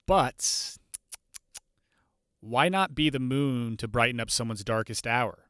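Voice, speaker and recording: A man hosting a podcast, telling a story in a loose, animated way and now and then acting out the people in it. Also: mid-range voice, takes it slowly, smooth, no room sound, studio quality. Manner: warm, animated, loose and profane, mimics voices in anecdotes. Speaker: podcast host. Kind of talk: casual storytelling monologue.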